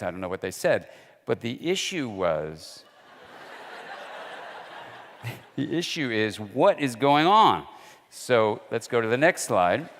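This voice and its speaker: A man giving a lecture in a conversational, storytelling way. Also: mid-range voice. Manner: conversational storyteller, acts out quoted dialogue. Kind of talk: lecture with anecdotes. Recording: long hall reverb.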